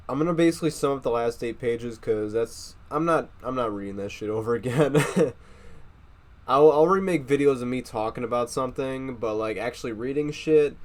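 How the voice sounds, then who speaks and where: A man reading a novel aloud, rambling and swearing freely as he sums up the plot and jokes at himself, still getting over a cold. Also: mid-range voice. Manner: rambling and profane, laughs at himself. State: recovering from a cold. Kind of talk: casual reading aloud with commentary.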